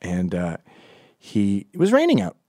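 A man's voice: fairly low pitch, unhurried, no echo, clean studio sound. Rambling American man telling stories. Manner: rambling, digressive, deadpan asides. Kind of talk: comedic storytelling monologue.

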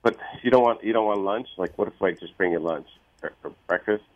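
A man's voice: low voice, brisk. A flustered young man on a phone call, laughing and stammering. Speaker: prank call victim.

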